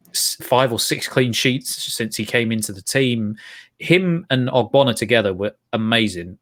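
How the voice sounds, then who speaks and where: A man co-hosting a casual football chat, animated and laughing often, restarting his sentences. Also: medium pitch. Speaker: football podcast co-host.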